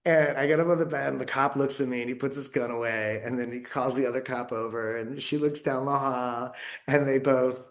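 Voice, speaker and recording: A man's voice: medium pitch, level tone, brisk. A man from the United States, a podcast guest in casual conversation, talking in a rambling, reflective way with many fillers and restarts.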